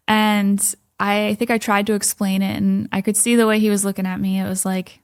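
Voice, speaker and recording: A woman recounting her experience at church, animated, full of "like" fillers, dropping to a whisper when quoting her own thoughts. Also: mid-range voice, normal speed, clear, resonant tone. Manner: frequent "like" fillers, laughs often. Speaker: podcast guest. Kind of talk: personal testimony in conversation.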